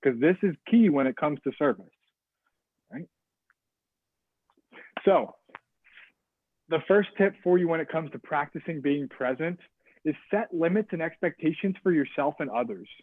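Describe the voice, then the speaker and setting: A man giving an energetic, interactive webinar presentation on service and leadership, often checking in with his audience. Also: on the high side, normal speed, long pauses, dry recording. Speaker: guest speaker on service and leadership. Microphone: video call. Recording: tinny phone-like video call audio.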